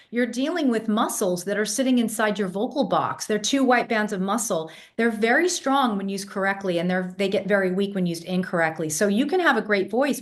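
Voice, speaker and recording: A woman in her fifties, raised partly in England, now speaking with an American accent, talking confidently as a vocal coach in a podcast interview. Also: medium pitch. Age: 50s. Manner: confident, emphatic, fluent storyteller.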